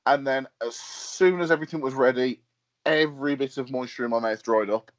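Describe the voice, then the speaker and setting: A young British man, a guest on a podcast interview, chatting casually and telling lively stories with lots of fillers and laughs. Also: mid-range voice, brisk. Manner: lively storyteller, laughs often, hesitant fillers. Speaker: wrestler and promoter, guest. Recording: dull lo-fi podcast audio.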